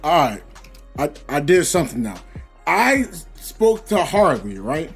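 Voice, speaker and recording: A man's voice: a little high, big pitch swings, measured pace, soft background music. A man streaming a game, chatting casually and rambling, acting out quoted voices of other people. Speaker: gaming livestreamer. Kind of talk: casual livestream chat.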